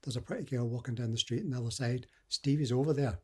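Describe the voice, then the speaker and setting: A man's voice: medium pitch, fast talker, husky. A middle-aged man from the west coast of Scotland, giving earnest, conversational dating advice as a coach. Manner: earnest, conversational, acts out example dialogue. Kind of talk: motivational advice talk.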